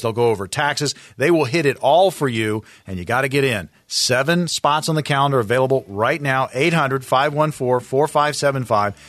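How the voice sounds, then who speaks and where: A man's voice: medium pitch, fairly bright tone, no room sound. A man co-hosting a radio show, reading upbeat promos and urging listeners to book spots. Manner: upbeat salesy, repeats calls to action. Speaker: radio co-host and announcer. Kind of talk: radio announcer reads and promos.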